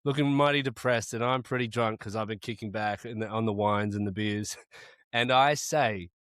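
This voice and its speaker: A man's voice: on the low side, normal speed, fairly bright tone, no echo, clean studio sound. Joking man spinning a story on a podcast. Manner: joking storyteller, swears freely. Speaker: podcast co-host. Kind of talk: casual podcast banter.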